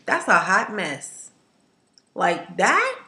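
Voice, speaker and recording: A woman hair vlogger chatting to camera in an emphatic, animated way, ranting and repeating herself for effect. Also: medium pitch, extremely slow. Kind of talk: casual to-camera chat. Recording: echoey room.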